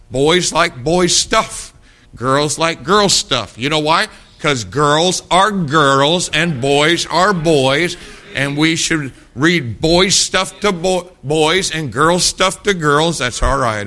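A man's voice: mid-range voice, sharp tone. A middle-aged man preaching a sermon, telling folksy stories and asking rhetorical questions.

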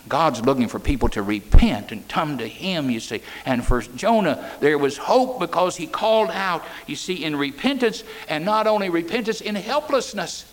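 A man preaching a sermon, swinging between loud cries and hushed, soft words. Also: a little high, sing-song, moderate pace, few pauses.

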